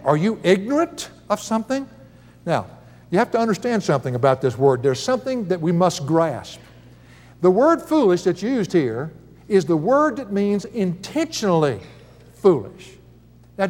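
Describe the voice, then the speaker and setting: Older man, folksy preacher, higher voice, long reverb around him. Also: darkish tone. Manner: folksy, chuckling storyteller. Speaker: Bible teacher. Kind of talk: sermon with personal stories.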